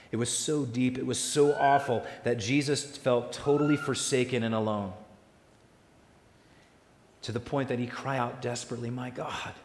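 A man preaching a sermon as pastor, building loud through lists and falling soft and slow on key lines. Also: medium pitch. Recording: echoey hall with long reverb.

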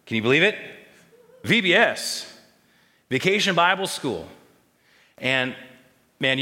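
Male pastor, mid-pitched and bright, preaching with call-and-response in a big echoing sanctuary. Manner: call-and-response questions to the congregation. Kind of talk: sermon. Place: church sanctuary.

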